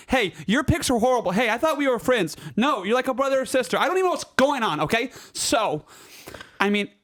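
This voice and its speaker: A man's voice: high-pitched, slightly rough. A man putting on a whiny, melodramatic young valley girl who sighs and fills her talk with "like". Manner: sighing, melodramatic, full of "like". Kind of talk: comedic put-on accent in a podcast game.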